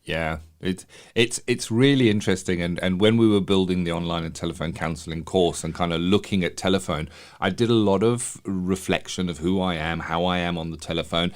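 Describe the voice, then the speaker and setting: A man's voice: low-pitched, fairly even intonation, brisk. A middle-aged man who grew up in South Africa, co-hosting a counselling podcast and telling stories reflectively with frequent laughs. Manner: reflective storyteller, laughs often. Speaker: podcast co-host. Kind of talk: casual chat.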